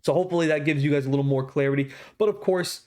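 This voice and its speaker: A man with a fairly high voice talks through his card pulls with plenty of enthusiasm. He leans hard on the numbers, casual and salesy, like a host recapping an unboxing for his viewers. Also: racing, a little mellow. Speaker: card-opening channel host.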